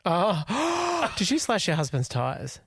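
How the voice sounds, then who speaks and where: A man's voice: sits high, huge pitch swings, takes it slowly, creaky, fairly bright tone, breathy edge, no echo. A man, co-hosting a podcast with dry, teasing banter in casual chat. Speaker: podcast co-host.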